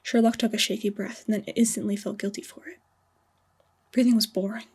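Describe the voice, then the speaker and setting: A woman narrates her own story in a slow, hushed audiobook style. Her voice is breathy and husky, keeping an even, narrow pitch. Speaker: fanfiction author reading her story.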